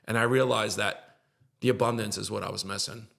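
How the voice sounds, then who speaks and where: A man's voice: lowish voice, fairly even intonation, fairly quick, vocal fry, fairly bright tone. A middle-aged man, a podcast guest, tells an emotional story in an earnest, repetitive way and gets choked up at times.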